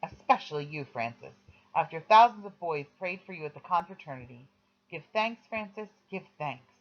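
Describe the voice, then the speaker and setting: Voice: mid-range voice, expressive, moderate pace, close to an everyday voice. A strict nun, as a reader puts her on, scolds in a preachy, lecturing way. The sound is a touch dull and lo-fi. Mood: scolding. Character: stern nun scolding children. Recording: slightly dull lo-fi recording.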